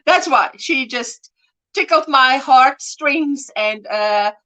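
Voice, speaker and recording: A woman's voice: high-pitched, lively intonation, extremely slow, sharp tone, rough recording. A woman co-hosting a casual crochet livestream, reading out viewer comments fondly and laughing often. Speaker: livestream co-host.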